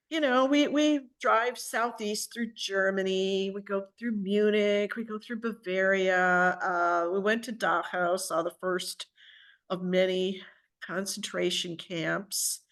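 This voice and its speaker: An older woman, an author, telling a personal story at home in a lively, chatty way and acting out what people said. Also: mid-range voice. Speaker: author and guest speaker. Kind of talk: conversational storytelling talk.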